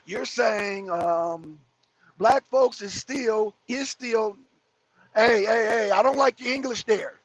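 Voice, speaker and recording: A YouTube commentator with a very high, slightly rough voice speaks at a measured pace, with no echo. Hosting a live commentary stream, he reads viewer comments aloud, then rants about them heatedly, mocking and repeating them with heavy swearing.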